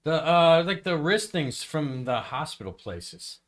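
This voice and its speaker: A man on a podcast telling a story in casual chat, rambling and halting with many fillers and restarts. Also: a little high, sing-song. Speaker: podcast host.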